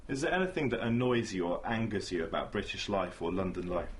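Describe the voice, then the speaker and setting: A man's voice: deep voice, big pitch swings, brisk, a little hiss or hum. A man interviewing a guest with direct, probing questions and light laughter.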